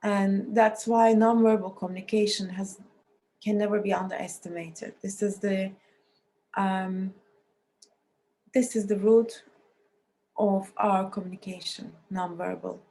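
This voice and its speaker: Woman lecturer with a scratchy, mellow voice. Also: mid-range voice, fairly even intonation, unhurried, long pauses. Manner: explanatory, with frequent restarts and non-native phrasing. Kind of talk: recorded university lecture.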